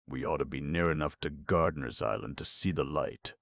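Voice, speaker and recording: Stern old sea captain, commanding, read by a man with a very low, dry voice. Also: fairly quick, gravelly, fairly bright tone, no room sound, exaggerated voice. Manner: commanding, clipped orders. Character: stern veteran steamboat captain, older man.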